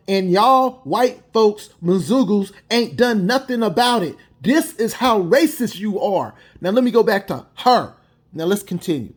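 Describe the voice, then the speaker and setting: Emphatic male reaction commentator. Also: high voice. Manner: emphatic, repetitive, mocking asides. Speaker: video commentator.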